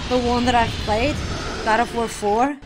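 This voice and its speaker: A woman playing a video game, reacting excitably and cheering on the character. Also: fairly high pitch, normal speed, noisy background. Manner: excitable, exclaiming, talks to the character. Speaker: gamer streamer. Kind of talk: live gameplay reactions. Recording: voice over loud game music.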